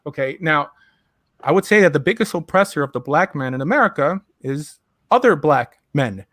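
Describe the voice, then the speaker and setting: A man debating as a rabbi, his pitch slightly raised. He speaks in a measured, deliberate way, and the recording is dry and close. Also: a bit bright, no echo.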